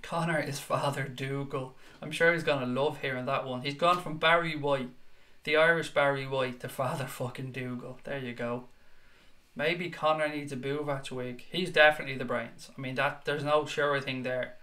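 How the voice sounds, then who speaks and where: A man's voice: medium pitch, steady tone, normal speed, bright, forceful tone. A young male host of a live fan chat show, talking in a loose and unscripted way. He is blunt and salty, swearing freely as he reads viewers' comments aloud and answers them. His voice sits in an ordinary middle range.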